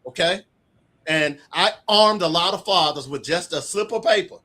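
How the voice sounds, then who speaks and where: Animated middle-aged male storyteller. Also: high voice, normal speed. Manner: animated storyteller acting out quoted dialogue. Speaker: author guest. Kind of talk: casual storytelling interview.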